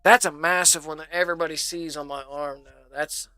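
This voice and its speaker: Rambling, profane male streamer, bright voice. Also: fairly high pitch, steady tone, brisk, clear, resonant tone, no echo, clean studio sound. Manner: rambling, profane, says "bro" constantly. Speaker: live streamer. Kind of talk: casual storytelling on a live stream.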